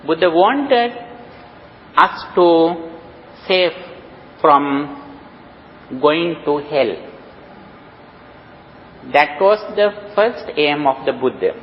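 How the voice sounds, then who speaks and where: A Sri Lankan-accented monk teaches, his words unhurried and broken by long pauses. His voice sits at an ordinary pitch and rings out in a large reverberant space. The recording is dull and lo-fi, with a faint hum of ambience behind him. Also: very animated. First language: Sinhala. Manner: slow, halting delivery with many pauses and "you know". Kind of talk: dharma talk.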